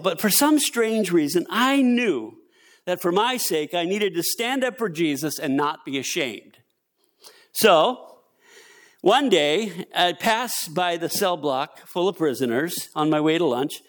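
Animated older man preaching a sermon. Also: high-pitched, measured pace. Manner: animated storytelling preacher, acts out quotes.

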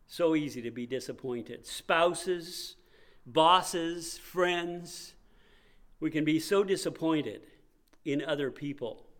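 A male pastor preaching a sermon in a conversational way, acting out the voices he quotes. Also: on the high side.

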